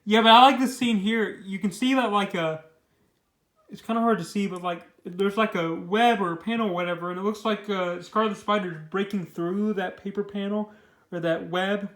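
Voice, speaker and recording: A young man with a fairly high voice talks through a comic book review in a loose, rambling way. He restarts sentences often and uses lots of filler words. The room around him rings with echo. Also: normal speed, fairly bright tone.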